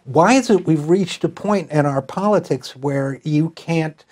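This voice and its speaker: A man's voice: a little high, a little slow, a little mellow. A middle-aged man from Utica, hosting an interview and asking long, musing, rambling questions. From Utica, New York. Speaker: host. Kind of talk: interview host conversation.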